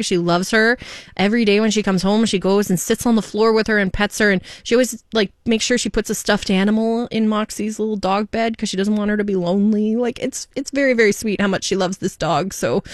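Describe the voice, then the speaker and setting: A woman's voice: mid-range voice, dry recording, studio quality. A woman, co-hosting a morning radio show and telling chatty personal stories. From Montreal, Canada. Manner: chatty storyteller. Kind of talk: casual morning radio chat.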